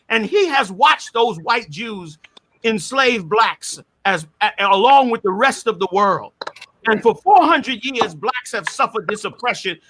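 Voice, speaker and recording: A man argues in a heated debate, high in pitch and bright in tone. He speaks forcefully and preachily and breaks into shouts, his pitch rising and falling with energy. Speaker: debater challenging a rabbi.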